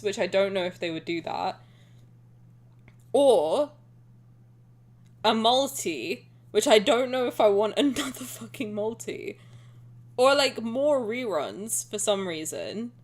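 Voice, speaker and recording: A woman streamer chatting casually and excitably with her viewers, rambling and swearing now and then. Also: medium pitch. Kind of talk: casual live-stream chat.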